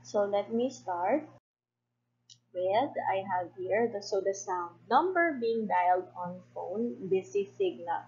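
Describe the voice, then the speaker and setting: Woman teacher, slow and patient, recorded lesson, dull lo-fi audio with a faint hum. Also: medium pitch, expressive, a little mellow. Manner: slow, patient explaining with fillers.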